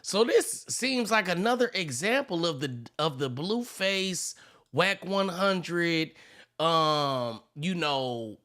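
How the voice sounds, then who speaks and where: Guy reacting to clips, jokey and animated, voice jumps around a lot. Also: a little high, slow. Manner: joking, animated, slangy. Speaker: reaction commentator. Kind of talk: casual reaction commentary.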